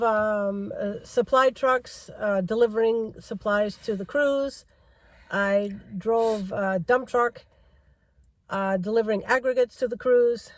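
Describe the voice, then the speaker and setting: A woman's voice: fairly high pitch, no echo. A middle-aged woman vlogger in a car, giving a rambling driving-safety rant and repeating herself for emphasis.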